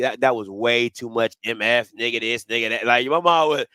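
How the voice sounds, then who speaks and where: A man co-hosting a casual sports talk show, animated and repeating himself as he laughs. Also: mid-range voice, a little fast, few pauses, no echo. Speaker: podcast co-host.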